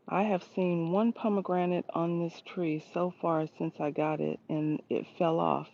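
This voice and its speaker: A woman's voice: fairly low pitch, steady tone, unhurried, hardly any pauses, slight background noise. A woman hosting a casual livestream walkthrough of her backyard garden, chatting with viewers and greeting them by name, recorded outdoors on a handheld phone. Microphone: phone held while walking. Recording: slightly dull phone audio.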